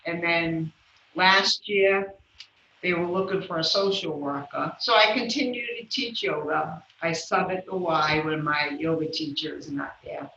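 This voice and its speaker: A woman guest in an interview, telling a personal story in an animated way and acting out the voices of the people in it. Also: deep voice, unhurried, roomy sound, highs cut off, slight background noise. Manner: animated, acts out the voices of people in her stories. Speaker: guest, yoga instructor.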